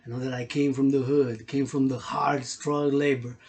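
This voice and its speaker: A man's voice: mid-range voice, little pitch movement, normal speed, a little mellow. A man giving a rambling, emotional vlog monologue, repeating himself, swearing freely and talking in casual street slang. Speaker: workout video host.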